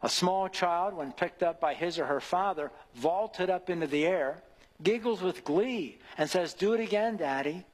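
Earnest preacher guy, kinda high breathy voice, big echoey hall. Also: a little slow. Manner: earnest, rising to emphatic questions. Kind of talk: devotional sermon.

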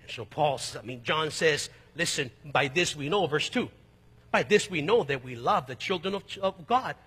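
High, bright-voiced preaching man. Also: animated, moderate pace, breathy edge. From East Los Angeles, United States. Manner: emphatic, rising to loud peaks; conversational asides and personal stories. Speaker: pastor. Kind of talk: sermon. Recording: long reverb of a large hall.

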